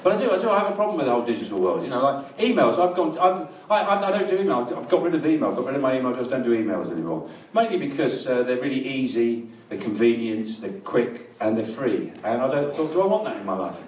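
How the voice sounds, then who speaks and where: A middle-aged man from England doing a live stand-up set, rambling and deadpan, in a small comedy venue. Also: mid-range voice, fast talker, few pauses, a little hiss or hum. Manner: dry, rambling, deadpan with crowd laughter. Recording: roomy live venue, distant mic.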